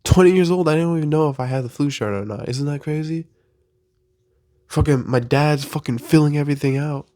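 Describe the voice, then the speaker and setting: A man's voice: on the high side, brisk, warm tone, no echo, clean studio sound. A man in his early twenties, sick with the flu, venting in an exasperated, profane casual rant. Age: 20s. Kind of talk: casual ranting monologue.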